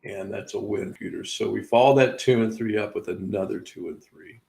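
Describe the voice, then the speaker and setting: A man's voice: fairly low pitch, fairly quick, creaky, darkish tone, rough recording. A man hosting a live sports betting show, casually running through game results with wry asides and laughing at his own missed picks.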